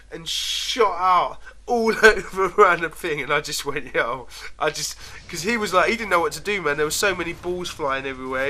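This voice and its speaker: A male vlogger with a slightly high, sharp-toned voice tells rambling stories to the camera in a casual way. He laughs often and lets sentences trail off midway.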